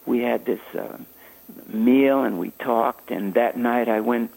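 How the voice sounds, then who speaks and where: An older man, a jazz saxophonist, telling stories in a halting, anecdotal way during an interview. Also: medium pitch, creaky, darkish tone, poor audio. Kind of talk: reminiscing interview storytelling.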